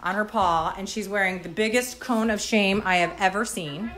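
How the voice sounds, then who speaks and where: A woman's voice: medium pitch, moderate pace. A woman in her thirties hosting a casual live stream from her condo kitchen, talking in a rambling, chatty way full of "like.". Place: indoors at home in a condo kitchen. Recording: echoey room.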